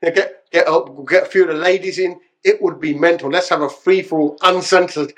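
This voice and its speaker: A man talking as a podcast guest, chatty and animated, tagging his lines with "yeah?". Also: sits high, a little fast. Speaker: podcast guest, solicitor and actor. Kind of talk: casual podcast chat.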